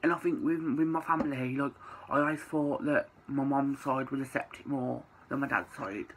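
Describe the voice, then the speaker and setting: A man's voice: mid-range voice, fairly even intonation, normal speed, a bit bright, a little hiss or hum, rough recording. A young man, telling a personal story to camera in a chatty way, with lots of "like" and casual swearing. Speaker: vlogger.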